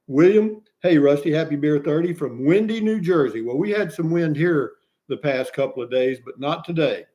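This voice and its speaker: A man's voice: on the high side, darkish tone. A man hosting a casual livestream, reading out viewers' comments in a folksy, jovial way and chuckling often. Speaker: livestream host.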